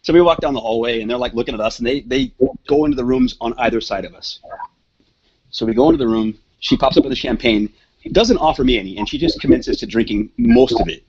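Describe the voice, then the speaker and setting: A man with a gravelly, husky voice spins a raunchy anecdote, his pitch leaping around as he acts out everyone involved. The sound is dull and lo-fi, like a basic podcast recording. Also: fast talker. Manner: profane, animated, acts out quoted voices. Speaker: podcast guest. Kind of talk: casual storytelling.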